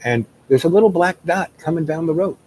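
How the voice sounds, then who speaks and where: A man's voice: on the high side, lively intonation, fairly quick, a little mellow, low-quality recording. A man telling a long personal story in a loose, rambling way, full of fillers and restarts. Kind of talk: casual spoken storytelling.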